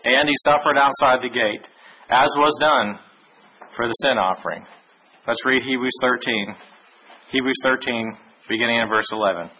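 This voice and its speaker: A man giving a Bible lesson, reading verses aloud in a measured way with small restarts. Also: medium pitch, pushed and bright, a little hiss or hum, rough recording. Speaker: Bible teacher. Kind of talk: sermon with scripture reading.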